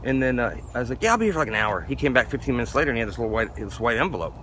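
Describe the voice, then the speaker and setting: A man's voice: mid-range voice, rapid-fire, a little hiss or hum. A man from Florida who works as an artist, telling stories in an interview and acting out what other people said. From Florida, USA. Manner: animated, acts out other people's lines. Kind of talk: interview storytelling.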